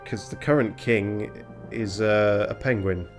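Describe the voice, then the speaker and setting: A man's voice: fairly low pitch, unhurried, over music. A man streaming a game, chatting casually and rambling, with self-mocking remarks and casual swearing. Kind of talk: casual let's play commentary.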